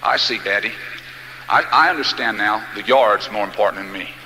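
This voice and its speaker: A man voicing a sad little boy who feels unloved, speaking low and quiet. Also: normal speed, big-room sound, a little hiss or hum, low-quality recording. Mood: hurt. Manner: quiet, wounded.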